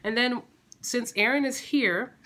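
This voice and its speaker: Bright-voiced chatty vlogging mom. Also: female voice, a little high, a little slow. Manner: chatty, teasing, laughs easily. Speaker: mother and family vlogger. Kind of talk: casual vlog chat. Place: family home, kitchen.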